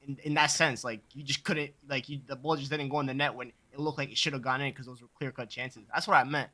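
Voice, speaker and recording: A man's voice: medium pitch, steady tone, sharp tone. A man on a football panel, explaining himself defensively with lots of fillers. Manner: quick, hesitant, defensive, many fillers. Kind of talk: casual football chat.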